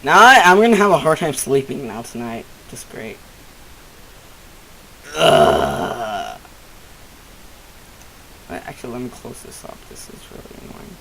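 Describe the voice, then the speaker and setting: A jumpy, excitable man chatting through a let's-play at home, his commentary wandering from one thought to the next. His voice sits in a middle pitch, and a faint hiss runs under the recording. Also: a little slow, vocal fry, long pauses, rough recording. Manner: excitable, rambling, easily startled. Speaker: gamer.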